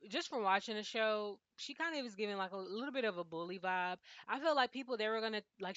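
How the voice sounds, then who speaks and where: A woman's voice: medium pitch, a little fast, few pauses, a bit bright, dry recording, lo-fi sound. A woman chatting casually as she recaps a reality show, loose and full of fillers. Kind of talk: casual chat.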